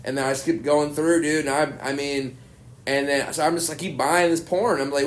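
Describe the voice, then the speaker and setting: A man's voice: a little high, fairly even intonation, brisk. A young comedian from Arkansas spins a long, rambling story on a podcast. He swears casually and leans on "dude" and "like" as he goes. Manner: rambling, profane, says "dude" a lot. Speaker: stand-up comedian, podcast guest.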